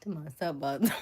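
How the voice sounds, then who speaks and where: A young woman chatting casually on a live stream, laughing often and dropping into soft whispered asides as she reacts to chat. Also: fairly high pitch.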